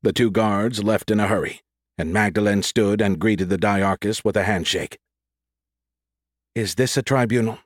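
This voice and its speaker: A man with a fairly low voice narrates an audiobook in a measured, descriptive way. The recording is dry and close, with no room echo. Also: steady tone. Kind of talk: scripted narration.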